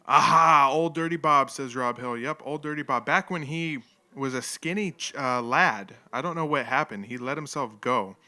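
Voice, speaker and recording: A man's voice: mid-range voice, normal speed, pushed and bright. A man hosting a live stream, casually commenting on an old fight with jokes, rambling asides and frequent laughter. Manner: rambling, joking, laughs often. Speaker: livestream host.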